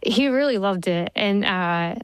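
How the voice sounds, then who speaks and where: A woman in her forties, a TV writer being interviewed, telling stories in a lively way and laughing easily. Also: medium pitch, unhurried, clean tone, dry recording, rough recording. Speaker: TV writer and showrunner, interview guest. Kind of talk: conversational interview answers.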